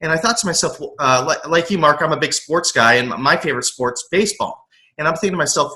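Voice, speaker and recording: A middle-aged man from the US West Coast recounts his story in a casual interview, speaking with a somewhat high, bright, forward voice. He is earnest and animated, slipping into his past inner voice, and often trips over and repeats words as he goes. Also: quick pace. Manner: frequent restarts and repeated words. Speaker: motivational coach, podcast guest.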